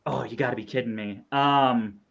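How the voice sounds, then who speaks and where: A man's voice: mid-range voice, fairly even intonation, normal speed, creaky, crowd noise. A man hosting a podcast in casual chat, speaking bluntly and swearing now and then. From United States. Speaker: podcast host. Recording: dull lo-fi sound.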